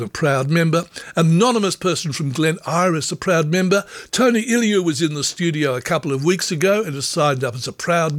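A man's voice: on the high side, no echo. A man presenting community radio, gratefully reading out lists of listener memberships in an upbeat studio voice. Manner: upbeat, grateful, rattling through names. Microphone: studio microphone.

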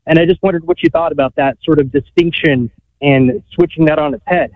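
A man's voice: a little high, fairly quick, no echo. A man calling in to a radio show, out of breath while working, asking his question earnestly with many fillers. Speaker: caller. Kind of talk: call-in radio talk. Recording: tinny phone line.

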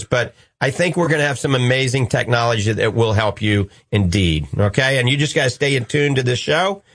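A man's voice: medium pitch, a bit bright, no echo. A man with a New Orleans accent hosting a call-in radio show, upbeat and preachy, joking with callers. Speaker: radio host.

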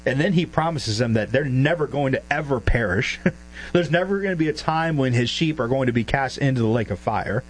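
A man's voice: mid-range voice, animated, fairly quick, rough recording. Emphatic male preacher teaching scripture. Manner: emphatic, asks the listeners questions. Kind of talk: verse-by-verse sermon. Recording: faint mains hum.

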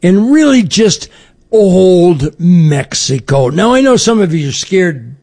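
A man hosting a radio talk show, chatting casually and rambling, stopping now and then to cough or clear his throat. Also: sits high, sing-song, takes it slowly, darkish tone.

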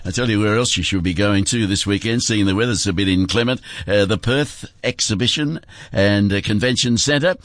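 An Australian man hosting a radio show, chatty, laughing often and filling pauses with "uh". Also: lowish voice, fairly bright tone, no room sound, clean studio sound. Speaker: radio host.

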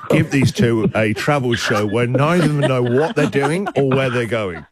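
A man hosting a radio show, teasing his co-host in quick, playful banter. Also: mid-range voice, over a noisy crowd. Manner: teasing, lively, quick to laugh.

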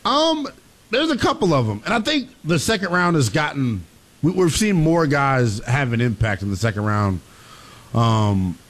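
A male co-host on a sports radio show, working through his thoughts in a measured way with plenty of hesitations. His voice sits at a middle pitch. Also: expressive, a bit bright. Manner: measured, filler-heavy. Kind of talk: casual sports talk.

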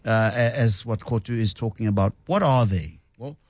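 A man hosting a radio call-in show, relaxed, often repeating words as he thinks. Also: on the low side, moderate pace, no echo. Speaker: radio talk show host. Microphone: studio microphone.

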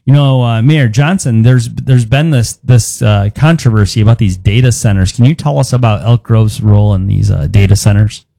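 A man's voice: fairly low pitch, moderate pace, vocal fry, hardly any pauses, warm tone, dry recording. A man hosting a talk radio show, rambling and joking casually with his co-hosts. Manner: rambling, joking, chuckles between words. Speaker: radio host.

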